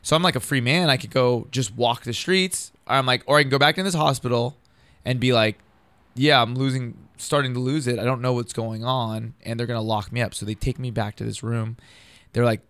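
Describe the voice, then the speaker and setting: A man's voice: medium pitch, fairly even intonation, a little fast, fairly bright tone, clean tone, no room sound. A man telling a long personal story in casual, profane, rambling talk, acting out what others said.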